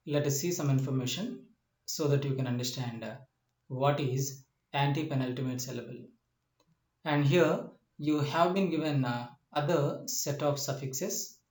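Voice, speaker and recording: Slow, patient male teacher in an echoey room. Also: a little high, darkish tone. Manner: slow, repetitive explanations with frequent "uh" and checking questions. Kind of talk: classroom lecture.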